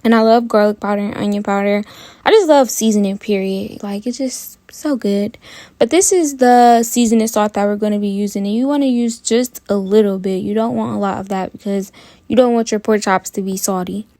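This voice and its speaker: A woman hosting a cooking channel, talking viewers through a recipe in a chatty, relaxed way. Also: mid-range voice, fairly quick, no room sound. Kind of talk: casual cooking tutorial.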